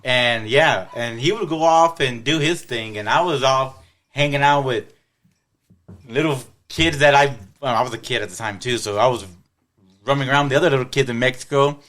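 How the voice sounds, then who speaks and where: A man's voice: mid-range voice, moderate pace, fairly bright tone. A man telling long personal stories in casual podcast chat, often restarting and repeating words. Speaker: podcast co-host.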